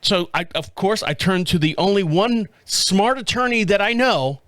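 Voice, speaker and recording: A man's voice: sits high, animated, normal speed, fairly bright tone, no echo. A man hosting his own podcast, telling a story in a rambling, profane, chuckling way. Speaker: podcast host. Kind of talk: casual solo monologue.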